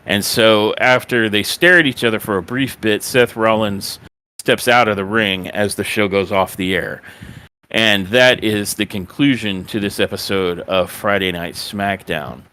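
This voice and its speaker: A man hosting a wrestling podcast, telling the events of a show like an animated storyteller and acting out the quotes. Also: fairly low pitch, a little slow, clear, resonant tone. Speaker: podcast host.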